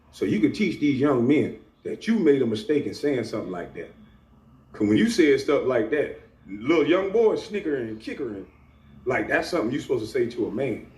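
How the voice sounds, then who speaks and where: A man's voice: mid-range voice, darkish tone. Taunting man ranting, off-mic echo. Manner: profane, taunting, laughs at his own jabs. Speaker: vlogger. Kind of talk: confrontational rant to camera. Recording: echoey room, off-mic, faint ambience.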